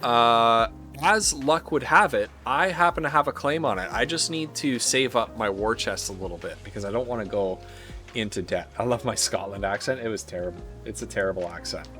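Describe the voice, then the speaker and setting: A man's voice: mid-range voice, a little fast, pushed and bright. A male streamer with a mid-range voice reads strategy-game events aloud and breaks off for dry, joking comments to his chat. Faint game music plays underneath him. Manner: reads game text aloud with wry asides. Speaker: live streamer. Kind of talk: live gameplay commentary.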